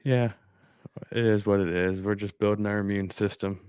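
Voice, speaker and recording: A man's voice: fairly low pitch, fairly even intonation, normal speed, darkish tone, smooth, no echo, clean studio sound. A man co-hosting a casual podcast with easygoing short replies, losing his voice as he comes down with a cold. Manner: laid-back, brief replies. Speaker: podcast co-host. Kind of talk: casual live podcast chat.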